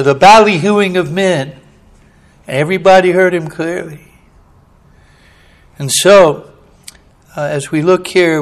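A man preaching a fiery sermon, swinging between hushed storytelling and loud, emphatic hollering with a repetitive preaching cadence. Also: sits high, poor audio.

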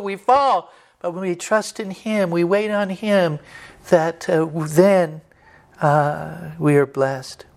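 Earnest preacher with steady middle pitch. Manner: earnest, building repeated emphatic lists; occasional stumbling restarts. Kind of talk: sermon.

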